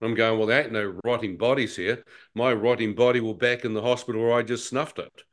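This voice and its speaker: Man, guest, animated storyteller who acts out his own thoughts, mid pitch. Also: a little fast. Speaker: guest telling a near-death testimony. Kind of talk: conversational personal testimony.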